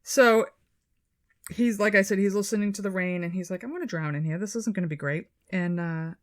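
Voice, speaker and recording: Female podcast co-host, casual storyteller, animated, salty language. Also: mid-range voice, brisk. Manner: animated retelling, swearing, quoting people in their voices.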